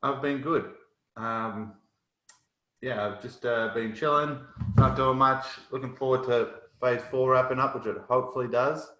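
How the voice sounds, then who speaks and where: A man's voice: mid-range voice, fairly even intonation, moderate pace, pushed and bright, echoey room, poor audio. A man with an Australian accent, co-hosting a podcast in easygoing, slangy, joking casual chat. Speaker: podcast co-host.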